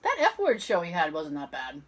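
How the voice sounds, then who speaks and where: A woman co-hosting a podcast in casual chat, telling stories in an animated way and swearing freely. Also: fairly low pitch, normal speed. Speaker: podcast co-host.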